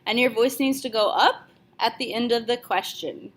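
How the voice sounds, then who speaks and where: Higher-voiced woman teaching French. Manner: clear, deliberate, repeats phrases slowly. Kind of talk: video language lesson.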